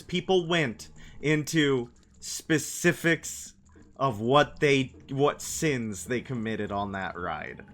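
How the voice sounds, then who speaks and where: Slow-talking young man streaming games. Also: medium pitch, expressive, a bit bright. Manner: meandering, answers chat messages aloud. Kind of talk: casual gaming livestream chat.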